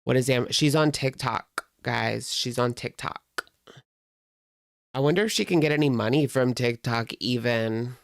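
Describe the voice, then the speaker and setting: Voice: medium pitch, a little slow, vocal fry, no room sound, studio quality. A commentary host in casual chat, sarcastic and exasperated, reacting to clips.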